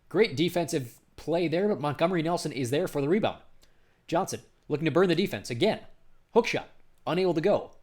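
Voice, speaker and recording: A man doing basketball play-by-play commentary, briskly calling each pass and lifting his voice on big shots. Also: a little high.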